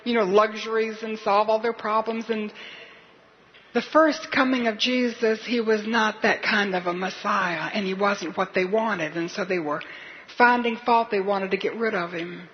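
A woman's voice: medium pitch, steady tone, moderate pace. An earnest woman preaching with urgent, searching questions. Her voice comes through dull and lo-fi, with a faint hiss underneath. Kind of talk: sermon.

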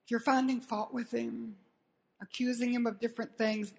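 Woman preaching, earnest, keeps asking the crowd questions, voice a bit on the high side. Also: level tone, moderate pace, gravelly. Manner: earnest, rhetorical questions to the audience, dramatic retelling. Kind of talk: sermon.

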